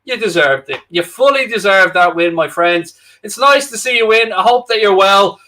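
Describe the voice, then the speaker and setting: Bright, chatty Irish guy. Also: high voice, lively intonation, moderate pace. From Ireland. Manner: chatty, jokey, addresses viewers directly. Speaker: co-host of a football watchalong livestream. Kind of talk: casual livestream chat reading out viewer comments.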